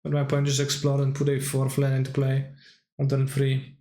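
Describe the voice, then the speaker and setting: A man's voice: mid-range voice, monotone, moderate pace, mellow, reverberant. A man streaming himself playing a card game, talking through his plays and answering chat viewers as he goes. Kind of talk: casual gameplay commentary.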